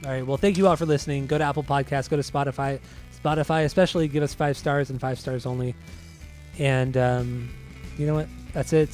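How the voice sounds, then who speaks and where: A man's voice: mid-range voice, fairly even intonation, a little fast, a little mellow, faint music behind. A young man hosting a podcast in casual chat, laid-back and teasing, often chuckling. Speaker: podcast host.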